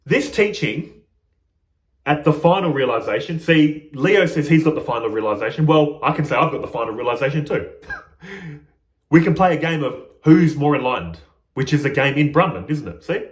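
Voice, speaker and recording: A man's voice: a little high, lively intonation, moderate pace, roomy sound. A man speaking as a spiritual teacher in a reflective monologue, playful and often laughing at himself.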